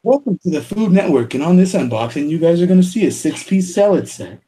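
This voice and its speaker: Male podcast host, a touch high-pitched, loose and chatty, quick to laugh at himself. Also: expressive, dark tone, a little hiss or hum. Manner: laughs often, self-deprecating. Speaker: podcast host doing live unboxings. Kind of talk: casual chat.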